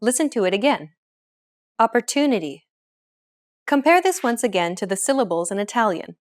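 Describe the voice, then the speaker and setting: A woman narrating a scripted pronunciation lesson as the teacher, clear and upbeat. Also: mid-range voice, big pitch swings, quick pace.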